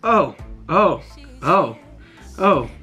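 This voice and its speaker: An excitable, chatty man from New England, talking casually in a vlog and phoning fans. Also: a little high, soft background music. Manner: excitable, chatty, quick to laugh. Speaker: vlogger.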